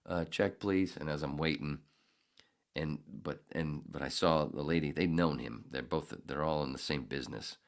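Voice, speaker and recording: Extremely low and steady with vocal fry, an older podcast host's voice moves at a moderate pace. He delivers a rambling monologue, a cursing, meandering tale in which he keeps losing track of where he was.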